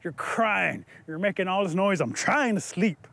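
A man voicing a blunt, knowing little male mole in a told folk tale, speaking slowly and low. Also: vocal fry, fairly bright tone, exaggerated voice. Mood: grumpy, knowing. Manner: slow, low, matter-of-fact. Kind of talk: oral storytelling.

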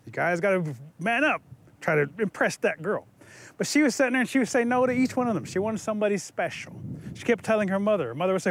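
A man telling a traditional story in a lively, playful way with asides to listeners. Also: sits high, quick pace, a little hiss or hum.

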